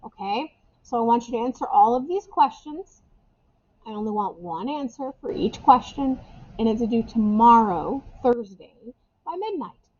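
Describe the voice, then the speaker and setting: A woman's voice: on the high side, lively intonation, measured pace, darkish tone. Chatty woman teacher, muffled lo-fi sound. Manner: casual, chatty, repeats key phrases. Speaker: English teacher. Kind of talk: recorded class instructions for remote students. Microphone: webcam or camera microphone.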